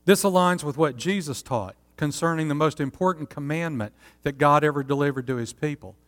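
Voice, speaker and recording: A man gives an earnest sermon as pastor, often checking in with his listeners through rhetorical questions. His voice sits a little higher than most men's. The words ring out with a long reverb, as in a large church hall. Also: fairly quick, fairly bright tone.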